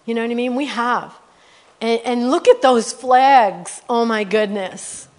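A middle-aged woman guest preacher telling testimony stories in a sermon, animated and rising to loud exclamations. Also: a little high, measured pace.

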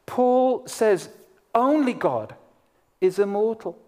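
A man's voice: high voice, animated, slow, warm tone. A middle-aged man, a pastor, preaching an emphatic sermon to his congregation. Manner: emphatic preaching with rising and falling intensity.

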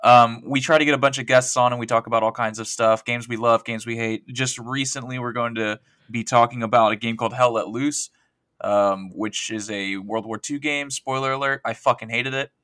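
Bright-voiced joking podcast guest man. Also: medium pitch, fairly even intonation, fairly quick, no echo. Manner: rambling, self-deprecating, joking. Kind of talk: casual podcast chat.

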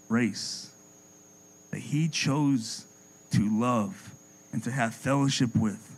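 A man preaching a sermon with passion, repeating words as he builds a point and dropping his voice low and soft for effect. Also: poor audio.

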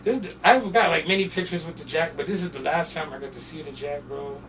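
A young adult man from Portland, Oregon, guesting on a podcast, tells loose, profane stories in casual chat with a fairly high pitch and quick pace. He's animated and often shouts when quoting people, recorded on a distant mic with faint noise.

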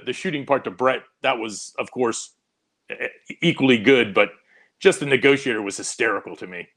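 A man's voice: mid-range voice, gravelly, a bit bright. A man on a panel, telling a story with amusement, stumbling over his words. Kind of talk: casual panel chat.

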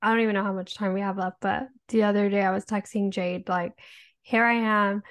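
A woman's voice: mid-range voice, level tone, fast. Mom in her thirties co-hosting a podcast; candid, rambling, swears freely. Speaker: podcast co-host. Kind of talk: casual chat.

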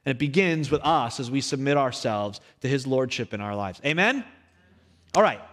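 A young male pastor giving a sermon in his church, telling stories from his childhood in a lively storytelling manner. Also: mid-range voice, normal speed. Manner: storytelling, animated, acts out his younger self in quotes. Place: church sanctuary. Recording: echoey hall.

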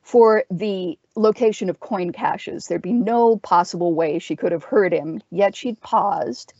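A woman reading a dark fantasy story aloud, in a measured, expressive narration. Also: fairly low pitch, husky, dry recording. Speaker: story reader. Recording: dull dry lo-fi sound.

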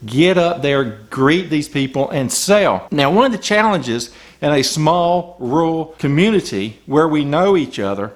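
A man's voice: fairly high pitch, animated, measured pace. A man coaching small business owners, talking emphatically and firing off rhetorical questions from the customer's point of view. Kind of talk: business advice talk.

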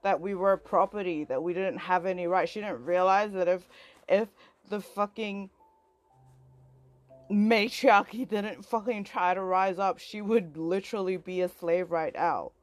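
A woman's voice: medium pitch, fairly even intonation, a little slow, no echo, soft background music. Heated, profane young woman ranting. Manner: heated, profane, rambling, filler-heavy; voice rising as she gets worked up. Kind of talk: angry personal rant to a friend.

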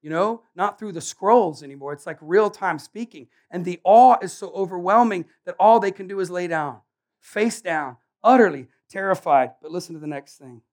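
A man preaching a sermon in a casual, animated way, joking and acting out Bible characters. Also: sits high, moderate pace.

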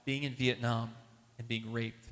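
A man telling a lively faith story as a testimony, acting out the voices of the people in it. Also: measured pace. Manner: animated, acts out quoted voices with big pitch jumps. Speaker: speaker at a Catholic gathering. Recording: long hall reverb.

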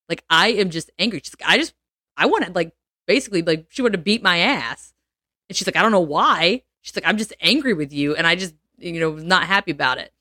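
A young adult woman on a casual podcast, telling a story in an animated way and acting out what people said. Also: fairly low pitch, no echo, clean studio sound. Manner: animated, laughs often, acts out quotes. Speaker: podcast co-host.

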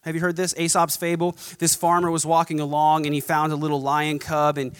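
A man's voice: fairly high pitch, monotone, brisk, clear, resonant tone. A man preaching a sermon as pastor, emphatic and rhythmic, stacking repeated contrasts. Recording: long hall reverb.

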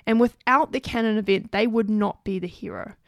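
A woman's voice: medium pitch, a little fast, dry recording, muffled recording. A woman host telling a personal story in an earnest, chatty way, often saying "like".

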